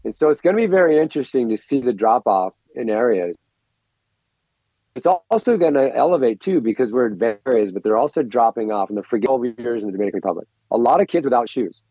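A middle-aged man, a coaching guest on a podcast, telling stories in an excitable, rambling way and often repeating words. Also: mid-range voice, fast talker, dry recording. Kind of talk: animated storytelling interview. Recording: dull, lo-fi, dry recording.

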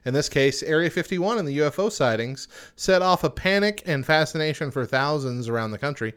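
A man's voice: fairly high pitch, lively intonation, fairly quick, fairly bright tone, clean tone. A young man hosting a casual chat show, reading out odd news items and joking about them. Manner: reads facts aloud then jokes. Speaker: podcast host.

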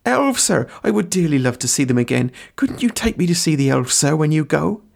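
A man's voice: a little high, very animated, fairly quick, vocal fry, voice pushed up, exaggerated voice. A man reading aloud and voicing a panicky young male hobbit gardener, pleading and deferential. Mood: eager.

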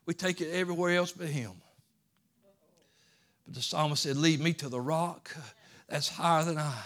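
A pastor preaching a sermon to his church in a folksy, plainspoken way, rising into loud pleading cries and shouts. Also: fairly high pitch, normal speed, pauses often. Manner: folksy Southern-style grammar like ain't and gonna. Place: church sanctuary.

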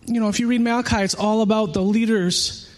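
A man's voice: high voice, fairly even intonation, brisk. A man in his thirties preaching a sermon earnestly, often repeating words as he searches for them.

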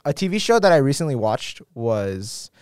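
A man's voice: medium pitch, big pitch swings, moderate pace, a little mellow, smooth, no room sound, clean studio sound. A young man hosting a casual podcast chat with friends, joking and laughing often. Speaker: podcast host.

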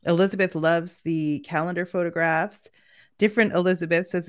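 Relaxed woman co-host. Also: deep voice, moderate pace. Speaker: co-host reading viewer comments. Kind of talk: casual co-hosting.

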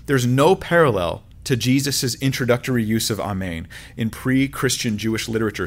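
A man teaching the Bible verse by verse in a lively, conversational way, with frequent fillers and restarts. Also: lowish voice.

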